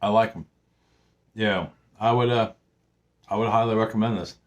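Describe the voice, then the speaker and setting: Middle-aged male home vlogger, lowish voice, loose and rambling, many fillers and restarts. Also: steady tone, normal speed, highs cut off. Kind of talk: casual chat.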